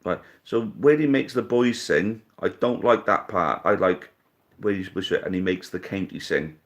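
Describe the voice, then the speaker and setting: A man's voice: sits low, measured pace. A man in his thirties hosting a live stream, casually reading out viewer comments and answering in a blunt, jokey, sweary way. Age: 30s. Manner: laid-back, blunt and jokey, swears freely.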